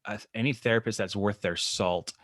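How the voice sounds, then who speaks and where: A man who works as a therapist, speaking as a podcast guest and explaining his work in an animated way, sometimes acting out what clients and therapists say. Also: lowish voice, moderate pace, no room sound, clean studio sound. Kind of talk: casual interview chat.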